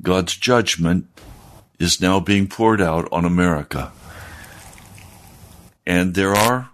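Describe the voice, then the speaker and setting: A man speaking as a pastor, hosting a broadcast and talking in a solemn, earnest sermon style while recovering from losing his voice. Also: low-pitched. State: recovering from a lost voice.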